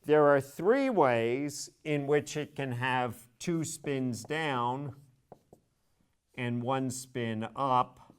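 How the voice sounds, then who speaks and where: A man's voice: mid-range voice, extremely slow, clean tone. A middle-aged man giving a university chemistry lecture, spelling out each step methodically and stressing key words. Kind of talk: classroom lecture.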